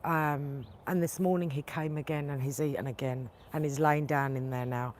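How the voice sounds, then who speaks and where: A woman hosting a vlog, angrily retelling a run-in with her neighbours and quoting both sides at length. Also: low voice. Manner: indignant, retells arguments with quoted dialogue. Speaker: tarot channel host. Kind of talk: casual vlog storytelling.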